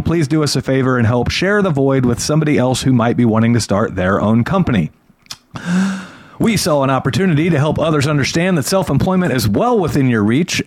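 A man's voice: medium pitch, dry recording. A man hosting a podcast, joking and laughing often in casual banter. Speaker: podcast host. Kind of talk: casual chat.

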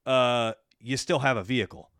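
A man's voice: medium pitch, moderate pace, fairly bright tone, no echo. Dry-voiced man co-hosting a podcast. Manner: storytelling, coaching business owners. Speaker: podcast co-host. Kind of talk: casual business podcast chat.

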